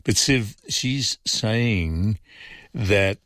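Low-voiced radio host. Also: male voice, lively intonation, drawn-out words, fairly bright tone, no echo, clean studio sound. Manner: conversational, frank opinions, frequent ums and uhs. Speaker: fill-in talkback radio host. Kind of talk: radio talk, reading listener messages.

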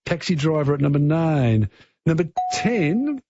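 A man's voice: on the high side, big pitch swings, a little slow, highs cut off, background noise. A man hosting a radio talkback quiz, chatty and encouraging, giving callers hints.

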